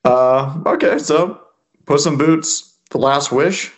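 A man co-hosting a podcast, talking in a relaxed, easygoing way. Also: a little high, slow. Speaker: podcast co-host. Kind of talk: casual chat.

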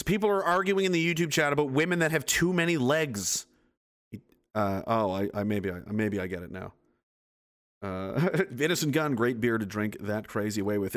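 A man's voice: mid-range voice, expressive, moderate pace, a bit bright. A man hosting a casual livestream, rambling, profane and sarcastic as he reads the chat. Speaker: livestream host.

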